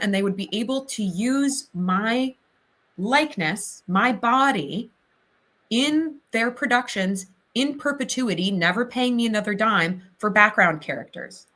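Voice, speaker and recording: Woman actor from southern Ohio, bright and forceful voice, chatty livestream guest. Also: a little high. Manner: chatty, talks in quick bursts with many fillers. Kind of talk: casual livestream interview.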